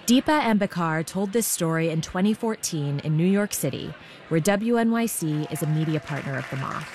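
A woman hosting a radio show, introducing speakers in a clear, measured way. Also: sits low, animated, a crowd in the background, background noise. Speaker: host.

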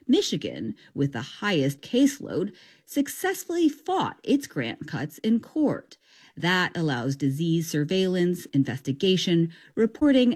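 A woman news reporter reads a scripted radio story in a measured broadcast manner. Her voice is lively in pitch and slightly husky.

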